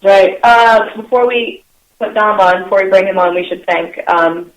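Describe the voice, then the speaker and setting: A woman's voice: mid-range voice, moderate pace, reverberant, poor audio. A woman co-hosting a casual internet radio chat, bantering and laughing a lot. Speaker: co-host.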